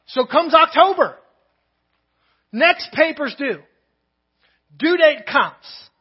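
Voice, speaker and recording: A man preaching a sermon in church, telling a story and dropping soft and low on the words he wants to land. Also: lively intonation, slow, lo-fi sound. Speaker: pastor. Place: church sanctuary.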